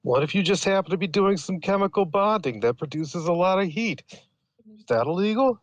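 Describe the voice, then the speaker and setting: A man's voice: sits high, lively intonation, normal speed, no echo, muffled recording. A man in a casual chat, adding short joking remarks.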